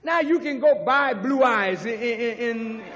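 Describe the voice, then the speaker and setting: A man, a minister, giving an impassioned lecture to students, building to shouts and stretching words for emphasis. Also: very high voice, lo-fi sound, noisy background. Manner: preaching, rising to shouts, drawn-out emphasis. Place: university auditorium. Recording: archival recording with long hall reverb.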